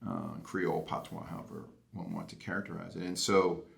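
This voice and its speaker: American man, very low voice, gravelly, measured storytelling in an interview. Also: flat delivery. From Boston, United States. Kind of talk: reflective interview talk.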